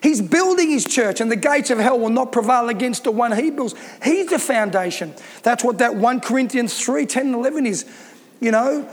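Man, pastor, very high voice, emphatic repetitive sermon, long echo in a church hall.

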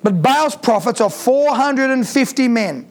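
Very high-voiced male preacher. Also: expressive, unhurried. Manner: emphatic, repeats phrases, asks the audience rhetorical questions. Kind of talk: sermon with scripture reading.

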